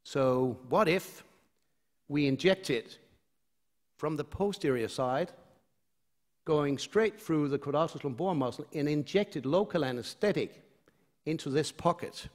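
A middle-aged man gives a conference lecture, talking conversationally and pausing often to restart his phrases. His voice sits slightly high. A long hall reverb trails behind him. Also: expressive, a little mellow. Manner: conversational, with frequent hesitations and restarts.

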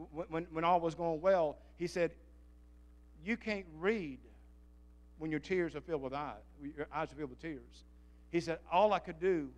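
Fervent preacher, a man. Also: fairly high pitch. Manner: fervent, calls for audience response. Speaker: pastor. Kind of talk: sermon.

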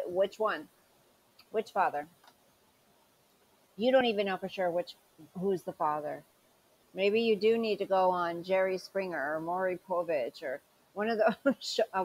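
A woman's voice: on the low side, low-quality recording. A woman hosts a reaction commentary with a sarcastic, critical edge. She questions and picks apart what she has just played. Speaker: commentary channel host.

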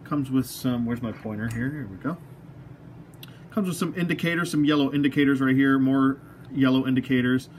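A man's voice: medium pitch, fairly even intonation, fairly quick, darkish tone. A man chats through a toy unboxing at his desk, rambling along with jokey, self-mocking asides and the odd word to the figure in his hands. His voice sits in a middle range, with a faint room hum behind him. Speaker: toy collector reviewer. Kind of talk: casual unboxing review.

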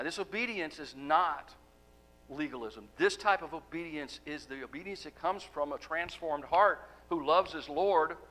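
A man preaching a sermon as pastor, asking the congregation rhetorical questions and letting key words fall soft. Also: fairly high pitch, low-quality recording. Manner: emphatic, rhetorical questions, drops to soft endings.

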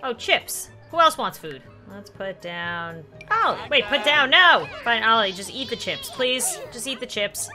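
Woman gamer commentating, excitable, laughs a lot, pitch jumps all over. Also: a little slow, few pauses, soft background music. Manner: excitable, exclamatory, laughs often. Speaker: gaming channel host. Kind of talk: let's play commentary.

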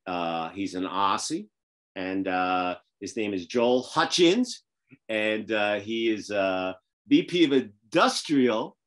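A male host from the Northeastern United States chats over a video call, loose and folksy, with lots of fillers. His voice sits somewhat low. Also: big pitch swings, takes it slowly, a bit bright. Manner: rambling, filler-heavy, folksy. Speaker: podcast host. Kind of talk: casual video call interview.

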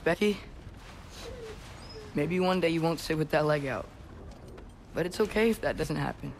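An actor playing an earnest teenage boy in a video game, talking gently and soothingly to his animals. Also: a little high, normal speed, gravelly, slight background noise. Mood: tender.

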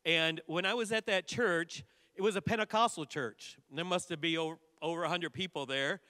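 Pastor, male, slightly high voice, animated storytelling sermon, close dry mic with a long church reverb tail. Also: moderate pace. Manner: animated storytelling preacher, bursts of loud exclamation. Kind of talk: sermon testimony. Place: church sanctuary.

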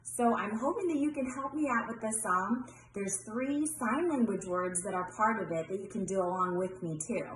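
A woman teaching children a simple song with hand signs, giving slow, patient, step-by-step directions. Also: mid-range voice, reverberant, slight background noise, poor audio.

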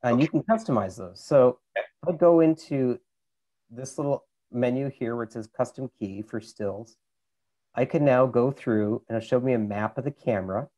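A man's voice: medium pitch, normal speed, mellow. A man with a Minnesota accent, a camera expert casually explaining settings step by step over a video call, with lots of fillers.

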